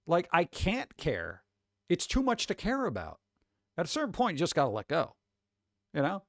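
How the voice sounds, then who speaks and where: A man's voice: on the high side, dry recording, clean studio sound. A man hosting a casual commentary show, reading a news story aloud and breaking off into rambling, sarcastic asides. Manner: rambling, sarcastic asides, frequent fillers and restarts. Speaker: host.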